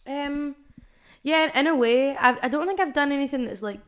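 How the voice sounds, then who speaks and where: A woman's voice: sits high, moderate pace. A young adult woman with a Scottish accent, a musician chatting casually as a podcast guest, rambling with many fillers and restarts. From Scotland.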